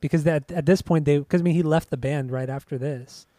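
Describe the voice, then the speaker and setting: Laid-back man, slightly high voice. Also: a little fast, dark tone, dry recording, studio quality. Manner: laid-back, teasing, laughs often. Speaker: podcast co-host. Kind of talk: casual chat about music.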